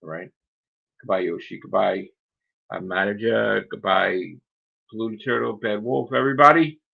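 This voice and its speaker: A man's voice: lowish voice, normal speed, creaky, slightly rough. A man hosting a casual livestream chat, rambling through grumbling asides while losing his voice. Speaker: livestream host. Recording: dull lo-fi sound.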